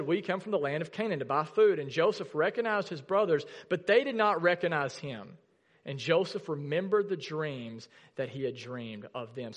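A man's voice: fairly high pitch, in a large hall. A male pastor preaching a sermon in a church, reading scripture aloud and asking the congregation questions in a conversational way. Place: church sanctuary.

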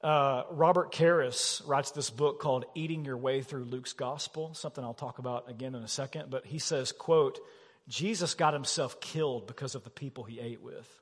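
A man preaching a sermon as pastor, animated and emphatic, asking his listeners questions. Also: medium pitch, moderate pace. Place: church sanctuary. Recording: long reverb of a church hall.

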